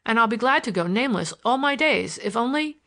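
A woman reading a storybook, voicing a bold young gentleman who talks with confident, teasing assurance. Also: fairly high pitch, expressive, fairly quick, pitched above the performer's own voice. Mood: earnest. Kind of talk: audiobook character voice.

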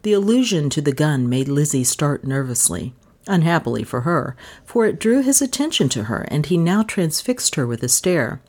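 Low-voiced expressive woman narrator. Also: moderate pace. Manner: expressive storytelling. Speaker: audiobook narrator. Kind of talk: scripted narration.

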